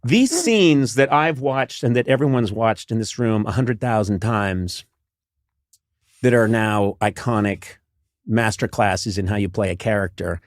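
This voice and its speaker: A podcast host with a lowish voice chats loosely and retells film scenes, restarting often and breaking into bursts of laughter. He's unhurried, and the recording is dry and studio quality.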